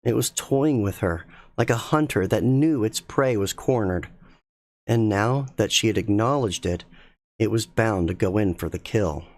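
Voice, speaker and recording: A man reading a spooky story aloud in a slow, measured, suspenseful way as a streamer. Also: on the low side, a little mellow.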